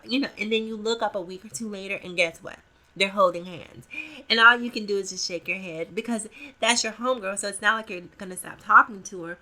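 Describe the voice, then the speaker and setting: A woman's voice: medium pitch, a little fast, pushed and bright. A woman hosting a casual gossip commentary vlog, playful and talking straight to her viewers.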